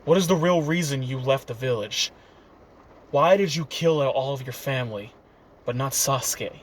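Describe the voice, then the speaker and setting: A man's voice: mid-range voice, normal speed, a little hiss or hum, close to an everyday voice. A man voicing a stubborn, cheeky teenage boy ninja who talks bluntly and defiantly, close to his own voice.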